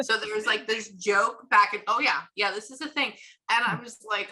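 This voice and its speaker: A woman working as a psychic medium, chatting casually through a reading and retelling what she hears in quick bursts. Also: medium pitch, sharp tone, poor audio.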